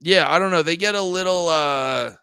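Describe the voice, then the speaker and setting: A young man, hosting a livestream and rambling through loud, profane casual commentary. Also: a little high, normal speed, smooth, no room sound. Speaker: livestream host.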